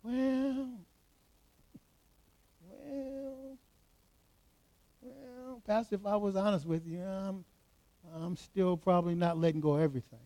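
This is a hushed, hesitant churchgoer man , voiced by a preacher. He stalls and stammers. He can barely bring himself to admit what he has to say. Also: high voice, fairly even intonation, dry recording, poor audio. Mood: sheepish. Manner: quiet, halting, sheepish. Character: hesitant churchgoer man confessing to his pastor.

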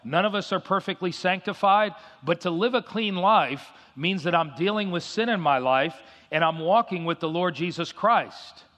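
A middle-aged male pastor delivering an emphatic sermon in a fairly high voice, driving his points home through repetition. His words carry a long reverb trail, as in a large church hall. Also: expressive, a bit bright. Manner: emphatic, repeats key phrases, reads scripture slowly.

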